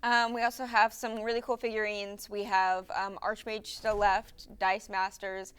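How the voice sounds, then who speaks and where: A woman's voice: medium pitch, flat delivery, moderate pace, a bit bright, clean tone. A woman co-hosting a charity livestream, talking informally with many ums. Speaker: livestream co-host. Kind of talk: casual livestream chat.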